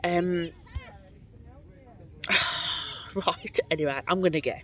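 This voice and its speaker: A woman's voice: lowish voice, slow, pushed and bright. A young woman vlogging casually outdoors by a field of horses on a handheld camera, chatty and rambling with lots of fillers. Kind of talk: casual travel vlog chat.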